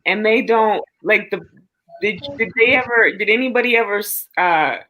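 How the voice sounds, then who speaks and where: A woman's voice: medium pitch, normal speed, muffled recording. A woman host responding with sympathy and asking follow-up questions in a casual chat.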